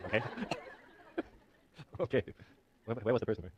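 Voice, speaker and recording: Speaking very fast in a mid-range voice, a male university professor jokes, teases his students and mocks himself while working through numbers in a live class demo. He is animated throughout the lecture-hall talk. The sound is dull, with a bit of hiss or hum.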